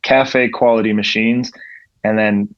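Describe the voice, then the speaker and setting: A man's voice: lowish voice, steady tone, a little slow, no room sound. A young man from Ontario, a coffee professional and podcast guest, rambling in a laid-back way, swearing freely, with lots of "like.". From Ontario, Canada. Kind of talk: casual chat. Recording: dull lo-fi podcast audio.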